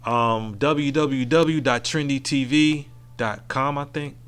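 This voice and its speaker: A man's voice: medium pitch, steady tone, takes it slowly, fairly bright tone, clear, resonant tone. A man hosting his own podcast alone, talking in a frank, profane and reflective way into a mic at home. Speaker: podcast host. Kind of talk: casual solo podcast monologue.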